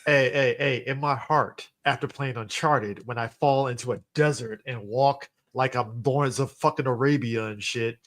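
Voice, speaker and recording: A man's voice: medium pitch, steady tone, normal speed, few pauses, fairly bright tone. A man co-hosting a podcast who jokes and tells profane stories in casual chat. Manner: joking, storytelling, profane. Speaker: podcast co-host.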